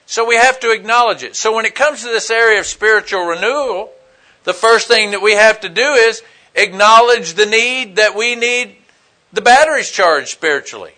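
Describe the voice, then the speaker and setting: High, bright-voiced man preaching casually. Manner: casual, plain-spoken, fillers like "you know" and "man". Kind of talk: conversational sermon.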